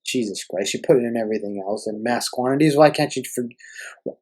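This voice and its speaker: A man's voice: mid-range voice, brisk, darkish tone, slightly rough, low-quality recording. A young man hosting a podcast, ranting in an exasperated, profane way. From Canada. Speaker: podcast host.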